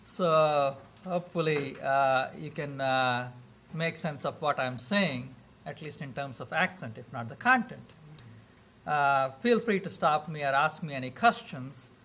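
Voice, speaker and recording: A man with a South Indian accent opening a university lecture, animated and full of fillers like "you know". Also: fairly high pitch, unhurried, a little hiss or hum. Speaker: guest lecturer. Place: lecture hall.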